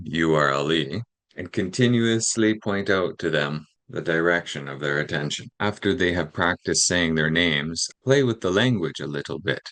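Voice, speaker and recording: Deep-voiced man explaining teaching methods. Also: fairly bright tone. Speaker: teacher trainer. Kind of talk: instructional narration.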